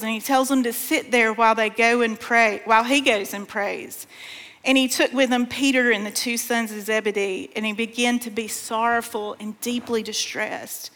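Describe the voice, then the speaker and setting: A woman's voice: on the high side, fairly bright tone. Woman preaching in an echoing hall. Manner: folksy, addresses the crowd as "y'all"; reads scripture aloud with feeling. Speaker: speaker at a women's conference. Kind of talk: sermon. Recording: long hall reverb.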